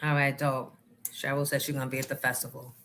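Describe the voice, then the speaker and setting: Outspoken NJ woman, livestream host, bright and forceful delivery. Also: rumbling low, flat delivery, fast. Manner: outspoken, talks back to the chat. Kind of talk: casual livestream chat.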